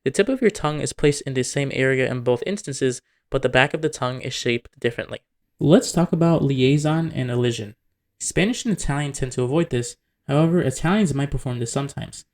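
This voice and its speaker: A man's voice: medium pitch, brisk. A man narrating a scripted educational video, explaining points methodically and working example words into his explanations. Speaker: language video host.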